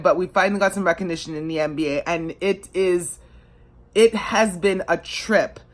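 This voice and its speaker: A woman's voice: fairly low pitch, a bit bright. Passionate woman telling a fan's story. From Canada. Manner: passionate, emotional, conversational with many fillers. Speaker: sports fan. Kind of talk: personal storytelling to camera.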